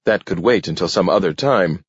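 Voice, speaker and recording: A man's voice: low-pitched, measured pace, dry recording. A man playing a fretful, uneasy middle-aged man in a storybook reading, pleading as he talks. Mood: anxious. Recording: dull, dry lo-fi recording.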